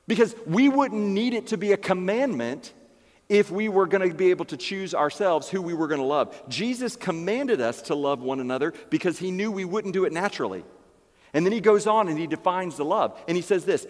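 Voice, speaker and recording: A man's voice: sits high, very animated, normal speed. Male pastor preaching in a reverberant church. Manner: emphatic, repeats key phrases. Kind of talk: sermon.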